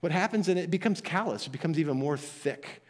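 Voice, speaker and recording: A man's voice: fairly high pitch, expressive, fast. A man preaching a sermon from scripture, earnest and emphatic, often repeating phrases. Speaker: pastor.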